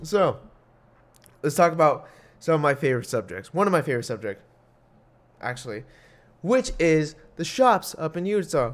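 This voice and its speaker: A man's voice: fairly high pitch, very animated, normal speed, long pauses. Profane, rambling young man podcasting. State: coughing. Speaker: podcast host. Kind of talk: casual solo podcast talk.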